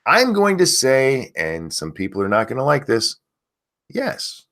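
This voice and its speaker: A man hosting a casual livestream, ranting with a lot of profanity and reading viewer comments aloud. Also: moderate pace. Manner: lively pitch, mocking voices. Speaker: streamer host.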